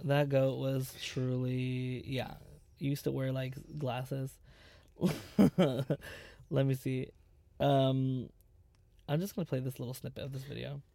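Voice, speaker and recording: A man in his twenties hosting a podcast, chatting casually in an animated, dramatic way with plenty of swearing. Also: medium pitch, slow, gravelly, no echo. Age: 20s. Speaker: podcast host. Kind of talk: casual chat.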